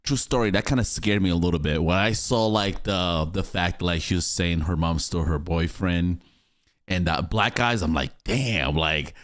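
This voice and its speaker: A man with a very deep voice comments casually as a reaction show host, thinking aloud with easy fillers. His voice is recorded close and dry on a studio microphone, with no room sound. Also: moderate pace, fairly bright tone, no room sound. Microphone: studio broadcast mic.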